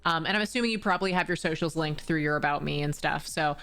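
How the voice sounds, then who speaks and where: Young woman, podcast host, effusive and chatty, lowish voice. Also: a bit bright, smooth. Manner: effusive, praising, quick asides. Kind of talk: casual interview chat.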